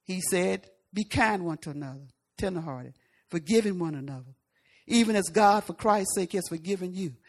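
A woman preacher giving a folksy, conversational sermon, swinging from loud emphatic lines to hushed asides. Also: lowish voice, expressive, moderate pace.

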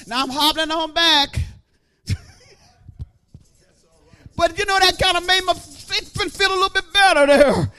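A middle-aged woman preacher giving an animated testimony, breaking into praise and shouting at the peaks. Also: very high voice, unhurried, pauses often. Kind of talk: testimony sermon.

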